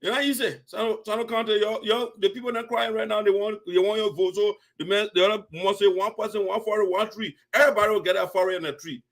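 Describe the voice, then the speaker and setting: High-voiced Liberian man mocking politicians. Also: steady tone, fast, hardly any pauses, fairly bright tone. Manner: mocking, playful, repeats phrases with laughter. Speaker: host. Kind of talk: political commentary show.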